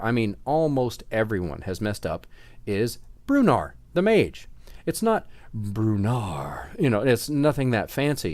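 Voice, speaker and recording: A man who writes fantasy novels, vlogging in a relaxed, chatty way with many fillers and a slight Southern US accent. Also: medium pitch, dry recording. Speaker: author vlogging about his books. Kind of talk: casual vlog talk.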